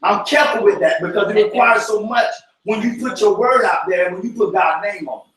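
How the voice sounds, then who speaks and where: A man with a very high voice leads an informal church Bible study. His talk is animated and preachy, rising into shouts. He sounds far from the mic in a very echoey room. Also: fairly quick. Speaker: cell group teacher.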